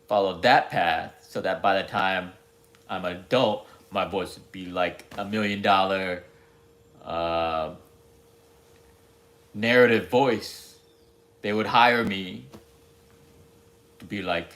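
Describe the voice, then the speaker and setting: A man's voice: deep voice, slow, long pauses, a bit bright. A man rambling candidly to himself in a casual, self-deprecating monologue.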